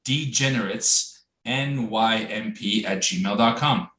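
A man's voice: on the low side, slow pace, fairly bright tone, echoey room. A man co-hosting a casual podcast, telling a story with lots of restarts and acted-out quotes. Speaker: podcast co-host.

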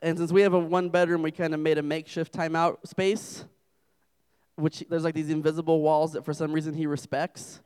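Joking young preacher, smooth resonant voice. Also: male voice, fairly high pitch, little pitch movement, a little fast, darkish tone. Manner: joking, self-deprecating storyteller. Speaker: campus ministry preacher. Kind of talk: humorous sermon.

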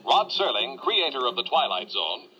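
A male TV announcer, as a man puts him on, sharp and very bright with a husky edge and a lilting, lively delivery. Faint music sits behind him. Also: medium pitch, moderate pace, highs cut off, voice pushed down, heavily acted. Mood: announcing. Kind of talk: mock broadcast announcement.

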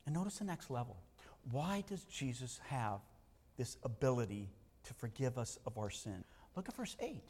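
A man preaching a sermon, animated, swinging between loud emphasis and hushed asides. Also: mid-range voice, normal speed, slightly rough. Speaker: pastor. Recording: long hall reverb.

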